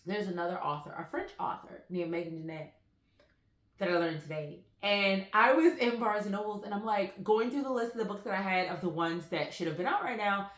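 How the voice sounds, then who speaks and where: A woman talks through her latest book purchases in a loose, rambling way, piling on fillers as she tells her stories. Her voice is bright and forward. She records on a phone in a room that gives her voice a noticeable echo. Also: mid-range voice, a little fast. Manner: rambling, animated storytelling with frequent fillers. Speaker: book vlogger. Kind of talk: casual chatty book haul vlog. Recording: roomy echoey room.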